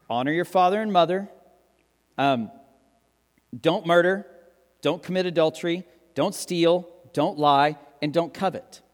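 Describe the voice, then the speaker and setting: A man in his thirties, a pastor giving a lively, joking sermon and acting out quotes. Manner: animated, joking, acts out quotes with big pitch jumps. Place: church hall with long reverb. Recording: reverberant hall, live sermon.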